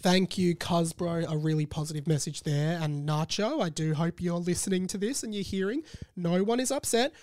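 Man, sore throat, high-pitched, playful rambling podcast host. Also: moderate pace, a little mellow. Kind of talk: casual solo podcast chat.

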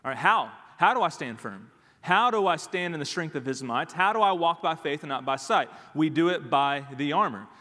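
A man preaching in a church sanctuary, his fairly high voice ringing with a long hall reverb. He drives home each point with emphatic repetition and a steady "all right." It sounds like a pastor in the middle of a sermon. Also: normal speed. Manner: emphatic, repeats key phrases, frequent "all right".

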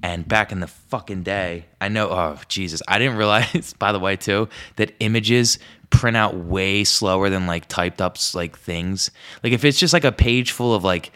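Young guy on a podcast mic, lowish voice, rambly and sweary, goes way up when quoting himself. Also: normal speed, sharp tone, smooth. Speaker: podcast host. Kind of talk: casual comedic storytelling monologue. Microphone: podcast microphone.

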